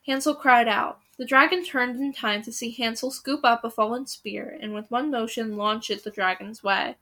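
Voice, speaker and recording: A woman reads a fantasy story aloud, building suspense with dramatic pauses. Her voice is bright, sitting a little above the usual pitch. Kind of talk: reading a book aloud.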